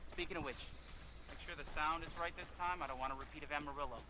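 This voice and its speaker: Give me a man playing a brash, bossy TV producer over loud background noise. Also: fairly high pitch, steady tone, rapid-fire, natural voice. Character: cocky male TV show producer.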